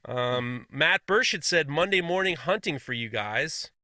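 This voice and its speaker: A man's voice: fairly high pitch, lively intonation, measured pace, sharp tone, dry recording, studio quality. A man co-hosting a casual podcast, reading listener messages aloud with frequent laughs and blunt, swearing asides.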